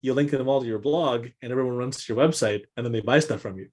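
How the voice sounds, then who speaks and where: A man co-hosting a casual business chat, telling stories with animated swings in pitch and often repeating words as he thinks. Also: fast. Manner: animated storyteller, jumps in pitch for quoted voices. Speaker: podcast co-host.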